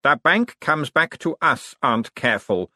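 A man's voice: fairly high pitch, expressive, a little slow, pushed and bright, no echo, clean studio sound, voice pushed up, exaggerated voice. A man voicing a stiff, proud aristocratic man who speaks sternly and in clipped phrases, in an audiobook. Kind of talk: audiobook character voice.

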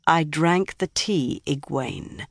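A proud young village healer woman, stubborn and quick to bristle, as a woman narrator puts her on. Her voice sits low and turns flustered under pressure. Close, dry audiobook recording. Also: dry recording, close to an everyday voice. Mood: confessing. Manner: flustered and defensive.

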